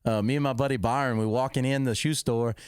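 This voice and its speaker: A middle-aged man, hosting a podcast, rambling and correcting himself as he excitedly recounts a football game. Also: medium pitch, fast, smooth, no room sound, studio quality. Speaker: podcast host. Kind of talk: casual storytelling.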